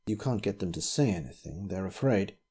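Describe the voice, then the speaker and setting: A man reading the part of a frightened, feverish old male vicar who whispers furtively and breaks into quavering outbursts, with a husky voice. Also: animated, a little fast. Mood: hushed, fearful. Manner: hushed whispering turning to shrill outbursts.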